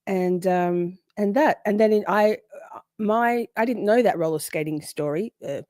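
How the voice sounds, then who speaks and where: A woman's voice: medium pitch, normal speed, darkish tone, dry recording, studio quality. Chatty woman hosting a livestream. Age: 40s. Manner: chatty, swears, greets viewers by name. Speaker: livestream host. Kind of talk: casual livestream chat.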